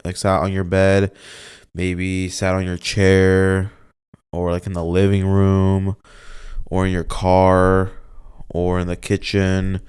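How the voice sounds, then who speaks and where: A man's voice: sits low, darkish tone, clear, resonant tone. A man hosting his own show alone, rambling and searching for words, a little emotional with a slightly off voice. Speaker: podcast host. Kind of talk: casual solo monologue.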